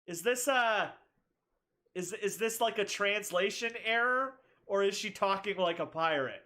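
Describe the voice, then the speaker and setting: Woman streamer, chatty and sarcastic let's play commentary, bright, crisp tone. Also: mid-range voice, lively intonation, measured pace. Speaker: gaming streamer.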